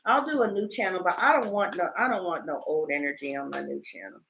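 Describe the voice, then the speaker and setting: A woman tarot reader in a casual livestream, telling stories in an animated, blunt way and swearing freely. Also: fairly low pitch, quick pace, creaky, slight background noise.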